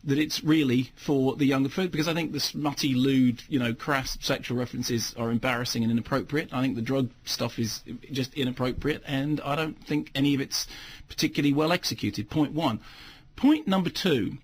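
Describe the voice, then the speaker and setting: Sardonic male film critic, husky voice. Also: mid-range voice, fairly quick. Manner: rambling, sardonic, self-correcting. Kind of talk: casual radio film review.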